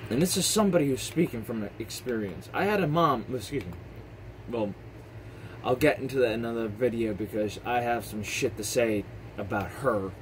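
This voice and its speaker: A man's voice: mid-range voice, moderate pace, a little hiss or hum, low-quality recording. A man vlogging an angry, profane rant, heated and repetitive, swearing often.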